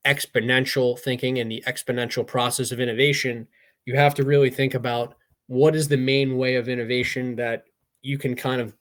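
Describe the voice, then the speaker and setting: A young man co-hosting a casual podcast, talking at a loose, rambling clip. He speaks in a mid-range voice and keeps the motivational talk going with plenty of fillers. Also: medium pitch. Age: young adult. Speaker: podcast co-host.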